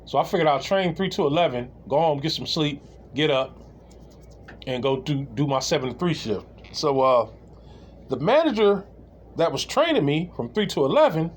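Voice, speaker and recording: Rambling man with a lively voice. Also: a little high, moderate pace. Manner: rambling, full of restarts and laughter. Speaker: storyteller. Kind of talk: casual comedic anecdote.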